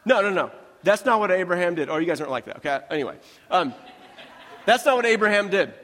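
A man preaching a sermon in a conversational, humorous way with quick asides. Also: high-pitched, animated, a bit bright, big-room sound. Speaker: pastor.

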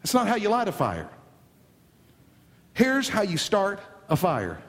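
A man preaching a sermon dramatically, swinging from hushed lines to near shouts. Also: high-pitched, huge pitch swings, unhurried. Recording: long hall reverb.

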